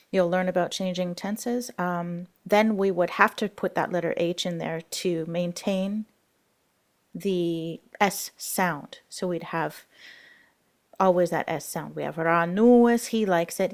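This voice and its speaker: In a recorded lesson, a female language teacher explains grammar rules patiently, with frequent fillers. Her voice is lowish.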